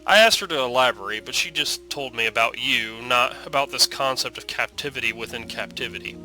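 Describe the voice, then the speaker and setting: A man's voice: medium pitch, a little fast, bright, forceful tone, poor audio. A man voicing a naive young alien queen who speaks in a stiff, formal, oddly literal way, over game music. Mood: earnest.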